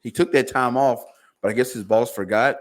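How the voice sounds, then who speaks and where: Guy on a podcast telling a story, super animated, does everybody's lines, slangy. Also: medium pitch, fairly quick. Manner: animated, acts out quotes of family; loose casual speech with slang. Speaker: podcast guest. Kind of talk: casual storytelling.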